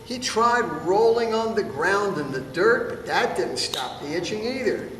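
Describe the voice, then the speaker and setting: A man's voice: high voice, animated, unhurried, fairly bright tone. A man reading a picture book aloud to children in a playful way, pointing out the pictures. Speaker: storybook reader. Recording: distant, echoey hall with room noise.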